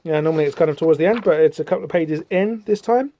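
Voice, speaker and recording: A man's voice: fairly high pitch, quick pace, warm tone, lo-fi sound. A man hosting a podcast, chatting casually through a comic book with rambling, wry asides. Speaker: podcast host.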